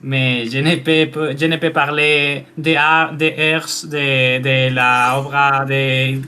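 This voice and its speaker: Effusive Spanish-accented man, bright voice. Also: mid-range voice, little pitch movement, slow pace, clean tone. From Spain. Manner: effusive, mixing French and English, many restarts. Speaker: guest, fan website administrator. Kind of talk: casual live-stream chat.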